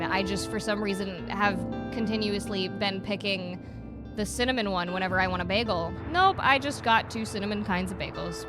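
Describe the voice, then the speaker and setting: A young adult woman streaming a game, chatting playfully and reading chat aloud, sometimes softening into a quiet mock accent. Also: mid-range voice, normal speed. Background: game music playing.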